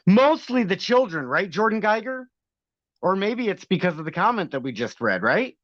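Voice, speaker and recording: A man's voice: sits high, sing-song, moderate pace, bright, forceful tone, dry recording. A man hosting a livestream, talking casually with a sarcastic, argumentative edge and frequent laughs. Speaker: livestream host. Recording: dull lo-fi dry sound.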